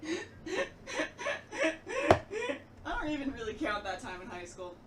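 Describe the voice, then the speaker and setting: Lively laughing woman, off-mic. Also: medium pitch, measured pace, recorded from a distance. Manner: laughs often, swears freely, playful. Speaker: friend in the streamer's room. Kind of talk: casual chat during a game stream. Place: indoor room with the streamer. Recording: off-mic with background noise.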